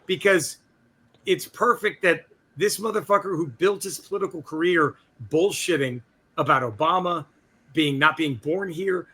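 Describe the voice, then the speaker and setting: A man co-hosting a comedy politics podcast, swearing freely in loose, animated banter. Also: fairly high pitch, moderate pace, slightly rough. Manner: animated, swears a lot, mimics quoted people. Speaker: podcast co-host.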